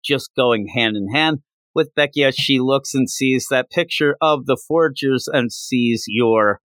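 A man's voice: medium pitch, measured pace, fairly bright tone, dry recording. A man hosting a podcast, giving an enthusiastic, rambling casual recap of a comic chapter. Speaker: podcast host.

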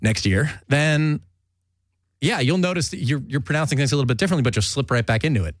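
A man's voice: mid-range voice, expressive, fast, no echo, clean studio sound. Chatty man with a faint New Jersey accent. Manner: chatty, self-interrupting, laughs easily. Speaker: podcast host. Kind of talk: casual chat.

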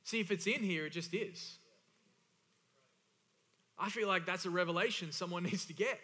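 A man's voice: high-pitched, normal speed, bright, forceful tone. A man preaching a sermon as pastor, emphatic and repeating key phrases for stress. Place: church hall. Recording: church hall reverb.

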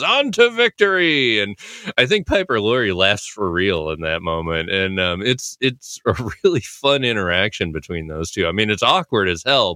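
A man with a low, smooth, resonant voice talks through a TV scene in a loose, rambling style, leaning on filler words. His tone is bright and forceful. The recording is dry and close. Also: no room sound. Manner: rambling, heavy "you know" fillers, laughs often. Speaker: podcast host analyzing a TV episode. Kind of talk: casual commentary.

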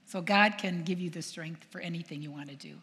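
An older woman, a nun, telling stories to an audience in a lively way, acting out quoted voices and asking her listeners questions. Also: fairly low pitch, fairly quick. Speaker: nun and speaker. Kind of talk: storytelling talk to an audience. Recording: long hall reverb.

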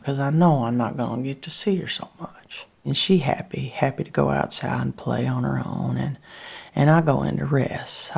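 A woman's voice: very deep voice, vocal fry, darkish tone. A woman telling a rambling first-person story, often dropping into whispers. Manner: folksy, rambling, drops to whispers. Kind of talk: dramatic first-person monologue.

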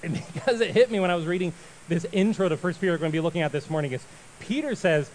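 A male pastor giving a sermon, telling a story with lively acted-out voices before turning to prayer. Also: high-pitched, fast, slight background noise, rough recording. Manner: animated storyteller, acts out voices and shouts.

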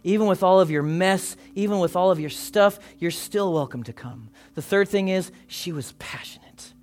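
A pastor preaching a sermon to his congregation, impassioned and swinging from loud calls down to hushed near-whispers. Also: sits high, moderate pace. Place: church service before a congregation.

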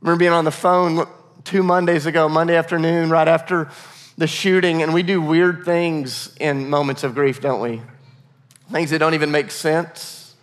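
Earnest pastor preaching in a reverberant hall. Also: male voice, fairly high pitch, level tone, moderate pace. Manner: earnest, repeats words, varies pace for emphasis. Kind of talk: sermon. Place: church sanctuary. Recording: long reverb of a large hall.

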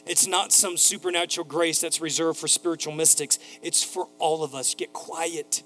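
A man's voice: a little high, steady tone, normal speed, a bit bright, faint music behind. A man preaching a sermon as pastor, building to emphatic repeated phrases and telling a neighbor's story in a casual voice. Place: church sanctuary.

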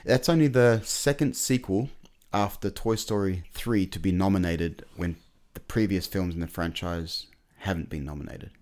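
A man with a very deep, low-pitched voice chats casually on a podcast. He rambles with enthusiasm, stacking fillers and restarting his sentences as he goes. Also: normal speed, hardly any pauses, darkish tone. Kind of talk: casual chat.

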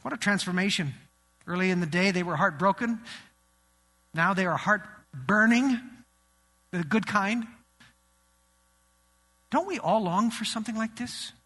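A man delivering a sermon with a high, very bright and piercing voice. He swings between loud, animated preaching and hushed lows. The sound carries a long reverb from a church hall. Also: unhurried, long pauses. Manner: animated preaching, rising and dropping his voice for emphasis. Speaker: pastor. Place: church sanctuary.

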